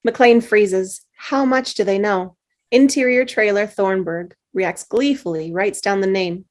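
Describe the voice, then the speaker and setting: Woman narrator, plain, even read of the directions. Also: mid-range voice, a little slow. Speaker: stage directions reader.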